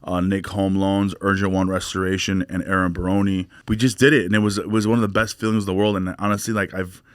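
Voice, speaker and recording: Low-voiced guy in his 40s, comedian telling stories, dry close mic. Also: quick pace, smooth, dry recording. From Glendale, California. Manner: animated storyteller, acts out quotes in higher voice. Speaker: stand-up comedian guest. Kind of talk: casual storytelling interview.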